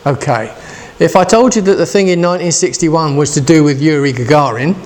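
A man's voice: on the high side, fairly quick, a little mellow. Man chatting through a casual sermon. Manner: chatty, asks the congregation questions. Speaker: preacher.

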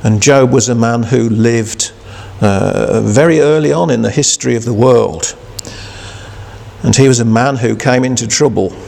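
A male preacher delivers a sermon at an unhurried, deliberate pace. His voice carries a gravelly texture, and he speaks haltingly, often restarting his sentences. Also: medium pitch, darkish tone, big-room sound. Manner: slow, halting, many restarts and fillers. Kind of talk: sermon with scripture reading.

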